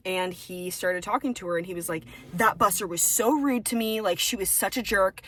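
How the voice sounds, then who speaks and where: A young woman co-hosting a casual podcast, telling her stories with lots of swearing and animated, acted-out quotes. Her pitch sits in the middle of the range. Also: normal speed, slight background noise. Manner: profane, animated storytelling. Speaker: podcast co-host. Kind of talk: casual chat.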